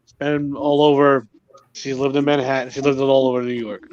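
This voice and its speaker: A man telling a rambling story to friends in casual chat, relaxed and swearing freely. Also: mid-range voice, normal speed, a little hiss or hum. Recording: dull lo-fi, dry sound.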